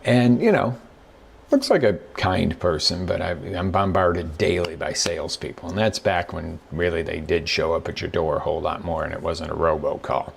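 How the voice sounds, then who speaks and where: Man, deep voice with gravel, middle-aged coach, casual storytelling, acts out quotes. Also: moderate pace, slight background noise. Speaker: host and business coach. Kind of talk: casual motivational talk with stories.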